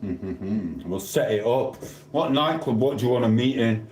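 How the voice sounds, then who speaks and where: A man's voice: medium pitch, lively intonation, unhurried, a little mellow, a little hiss or hum. A man with a South Yorkshire accent, chatting casually on a live stream, rambling and cheekily bantering with viewers' comments. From South Yorkshire, England. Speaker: livestreamer. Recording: echoey room.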